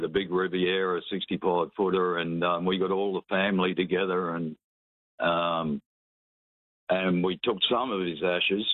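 A man calling in to a radio show, talking in a relaxed, rambling way with fillers. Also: low-pitched, dry recording. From New Zealand. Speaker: caller. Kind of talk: casual call-in chat. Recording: tinny phone line.

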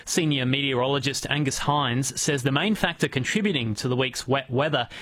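A man reading a local radio news bulletin in a steady, measured manner. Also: mid-range voice.

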